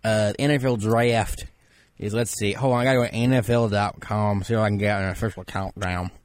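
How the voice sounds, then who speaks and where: A man's voice: on the low side, fairly even intonation, fairly quick, no echo, lightly acted. A male radio host playing a pompous, boastful guest who calls himself a draft expert, talking in rambling, self-important bursts on a studio mic. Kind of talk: comedic radio bit as a fake draft expert.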